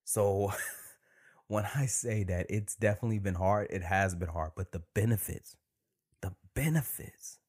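Male podcast host, low-pitched, relaxed chat with hushed asides. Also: moderate pace. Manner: relaxed and conversational, drops into near-whispers for emphasis. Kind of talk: casual solo podcast monologue.

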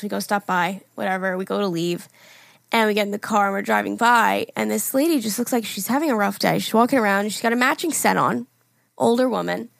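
A woman's voice: medium pitch, vocal fry, no echo. A young woman co-hosting a podcast, telling stories chattily, laughing and swearing often. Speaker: podcast co-host. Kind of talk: casual chat.

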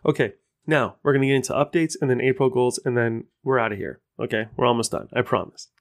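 A man's voice: mid-range voice, steady tone, fast. A man hosting his own podcast, talking casually in a rambling, self-deprecating way. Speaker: podcast host. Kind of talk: casual solo podcast talk.

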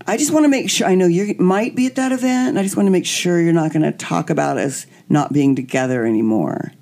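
A woman quoting her smooth-talking former partner, a man who coaxes her for favors in a casual tone. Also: fairly low pitch, fast talker, dark tone, close to an everyday voice. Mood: wheedling.

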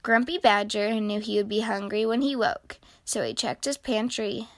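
A woman reading a children's picture book aloud, with expressive storytelling. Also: mid-range voice, moderate pace, no echo.

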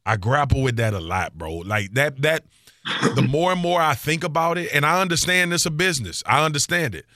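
A man's voice: fairly high pitch, lively intonation, fairly quick, pushed and bright, no room sound. Male podcast co-host, loose and joking, slangy delivery, dry close sound. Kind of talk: casual sports talk.

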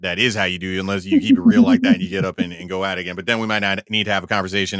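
A man's voice: on the low side, sharp tone, no room sound, clean studio sound. A man co-hosting a podcast, chatting casually and explaining things at length with frequent restarts. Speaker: podcast co-host. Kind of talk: casual chat.

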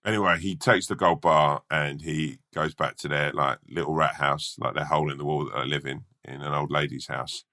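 A man's voice: a bass voice, fairly even intonation, normal speed, hardly any pauses, pushed and bright. A man co-hosting a podcast and telling a rambling, swear-laden story full of fillers. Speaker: podcast co-host. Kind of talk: casual chat and rambling storytelling.

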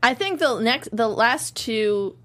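A woman co-hosting a casual podcast chat. She is easygoing and trails off with pauses and fillers as she thinks. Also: a little high, lively intonation, a bit bright. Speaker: podcast co-host. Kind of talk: casual chat reviewing a comedy show.

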